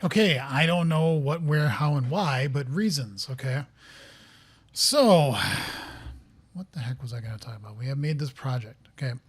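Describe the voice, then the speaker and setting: Man, mid-pitched voice, casual rambling coding commentary, thinks aloud, a bit flustered, home office desk mic. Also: animated, normal speed, breathy edge. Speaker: software developer streaming a coding session.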